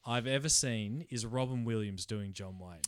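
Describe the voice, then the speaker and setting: A man co-hosting a casual film podcast, making quick, enthusiastic asides. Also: on the low side, clean tone, no room sound, clean studio sound. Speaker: podcast co-host.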